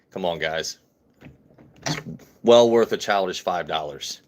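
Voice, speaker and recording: A man's voice: sits low, a little slow, pauses often. A man hosting a casual whiskey-tasting live stream, joking and greeting viewers in chat. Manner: jokey, chatty, reads and greets chat. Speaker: livestream host reviewing whiskey.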